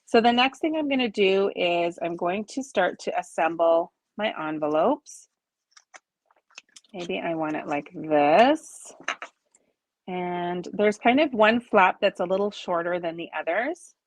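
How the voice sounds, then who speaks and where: A woman in her forties with a slightly low voice hosts a live crafting stream from her home desk. She talks viewers through each step and drifts into friendly asides. She laughs often at her own jokes. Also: measured pace, no echo. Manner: chatty and self-deprecating, laughs often, explains each step. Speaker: crafting host.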